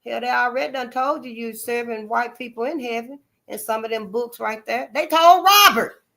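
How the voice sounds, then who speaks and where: A woman delivers a loose spoken monologue to her viewers, emphatic and blunt. She cusses freely and circles back on her points like a preacher. Her voice sits a little high and sounds sharp and bright. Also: normal speed, gravelly. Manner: preachy, repeats points to drive them home. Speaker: channel host. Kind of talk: casual spoken commentary monologue.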